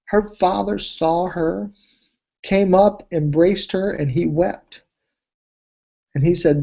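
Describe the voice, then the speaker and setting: A man presenting a weight-loss program, telling testimonial stories in an animated way, his voice leaping high when he gets excited. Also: takes it slowly, creaky, pauses often, highs cut off. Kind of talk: testimonial storytelling speech.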